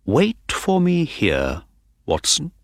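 A man voicing a confident, sharp-minded detective in an audiobook, speaking in a calm, assured way. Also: mid-range voice, slow, dry recording, studio quality, voice pushed up, full character voice. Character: sharp, confident male detective, middle-aged. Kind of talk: audiobook character reading.

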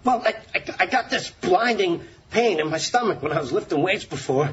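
A sheepish young man laughing through his pain, his voice bouncing up and down. It is a muffled sitcom clip with clear background noise. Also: sits high, animated, fairly quick, fairly bright tone. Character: easygoing young male actor, cheerful. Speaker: sitcom character. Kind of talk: sitcom acting.

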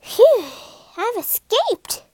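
A squeaky little storybook rat, greedy and jittery, her voice jumping high and all over the place, as a woman puts her on. Recorded close and dry, with no room around it. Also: expressive, darkish tone, dry recording. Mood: relieved. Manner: squeaky, high and fast-panicking. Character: small greedy female rat, nervous and squeaky.

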